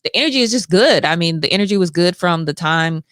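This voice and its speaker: Smooth-voiced, chatty, appreciative woman. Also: on the low side, expressive, fast talker, fairly bright tone, dry recording, clean studio sound. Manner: chatty and appreciative, with many fillers. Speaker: companion of the guest. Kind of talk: casual interview chat. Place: studio.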